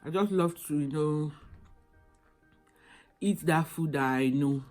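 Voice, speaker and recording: A woman's voice: low voice, slow pace, darkish tone, soft background music. A pregnant woman in a hospital room, tired while awaiting labor, chatting casually to camera and circling back to the same phrases. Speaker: vlogger.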